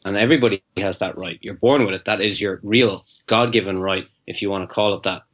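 A fairly low-voiced man spins a long rambling anecdote in an interview, quoting both sides of a conversation. He restarts his sentences often and keeps the story rolling, as a guest talking to a host. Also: brisk, a bit bright, slight background noise. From Ireland. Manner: rambling anecdote with acted-out dialogue, frequent restarts.

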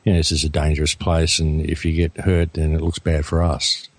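An Australian man with a very low voice tells a story as a radio guest. He is animated and acts out the quotes, and the sound is dry and close. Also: a little fast, no echo. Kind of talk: storytelling an anecdote.

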